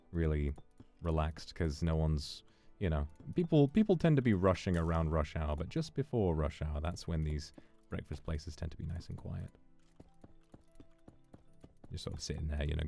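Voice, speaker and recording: Male streamer, very low gravelly voice, laid-back musing chat, faint background music. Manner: relaxed, musing, reads out donations. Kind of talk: casual livestream chat.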